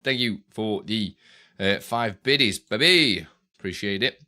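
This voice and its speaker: A man's voice: fairly low pitch, a little slow, bright, forceful tone. A young man live-streaming, chatting casually with viewers while he tinkers with his setup, often tripping over and repeating his words.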